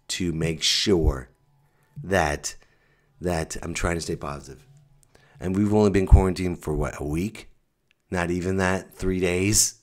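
A man hosting his own comedy podcast, ranting sarcastically, swinging from mutters to loud outbursts. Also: extremely low pitch. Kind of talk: stand-up style podcast rant.

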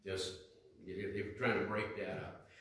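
A man's voice: fairly low pitch, flat delivery, a little slow, fairly bright tone. A male pastor preaching a sermon in a conversational style, questioning the congregation and reading scripture aloud. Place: church sanctuary. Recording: echoey church hall, mic at a distance.

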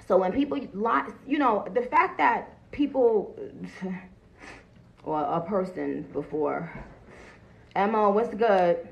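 On a phone livestream, a woman greets viewers and chats bluntly, swearing freely as she goes. Her mid-range voice is gravelly and expressive, and she speaks slowly. The phone-camera recording sounds muffled.

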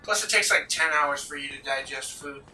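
A young man rambles and jokes over his gameplay in a let's play, swearing a lot in this casual gaming commentary. His medium-pitched voice is bright and forceful at normal speed, picked up by a roomy, distant mic with slight background noise and game music behind.

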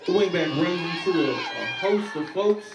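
A man giving calm, steady play-by-play of a youth football game from an outdoor field. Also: high-pitched, normal speed, lo-fi sound. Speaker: play-by-play commentator. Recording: echoey, distant, with loud crowd and noise. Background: crowd and field noise.

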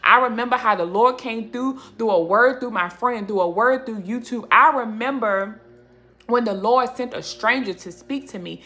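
A woman's voice: a little high, moderate pace, sharp tone. A woman giving a passionate devotional talk and prayer to her viewers, emphatic and repeating "right?" as she encourages them. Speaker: Christian faith YouTuber.

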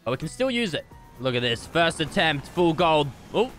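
A young man giving jokey, excitable gameplay commentary with sudden yelps. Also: fairly high pitch, fairly quick, faint music behind. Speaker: gaming YouTuber.

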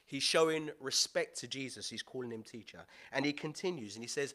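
A man preaching a sermon as pastor, lively and playful, with slang and asides to the congregation. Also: medium pitch, fairly quick, hardly any pauses.

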